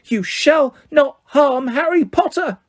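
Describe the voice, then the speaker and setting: A man voicing a small, shrill, excitable male house-elf who speaks of himself in the third person. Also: slow pace, exaggerated voice. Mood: fierce.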